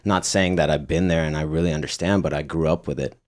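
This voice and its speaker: Deep-voiced young man telling stories. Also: steady tone, fast. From Las Vegas, United States. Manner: rambling storytelling with many fillers and laughs. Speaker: guest musician. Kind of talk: casual interview chat.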